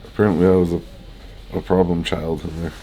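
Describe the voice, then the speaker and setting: Deep-voiced laid-back guy. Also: flat delivery, fairly quick, dark tone, slight background noise. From Canada. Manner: laid-back, laughing often, swearing, rambling with many likes. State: groggy after surgery. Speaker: fitness vlogger. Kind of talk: casual storytelling. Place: hospital room.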